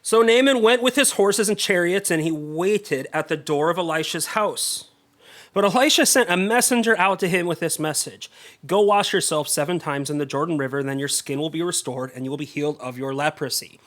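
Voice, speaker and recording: Pastor guy preaching, chatty and animated, does little voices for the people in the story, voice sits a bit high. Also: brisk. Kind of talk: sermon.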